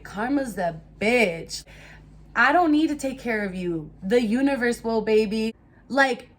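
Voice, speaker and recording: A young woman telling a casual storytime to her viewers, animated and swearing freely. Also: on the low side, slight background noise. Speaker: storytime vlogger.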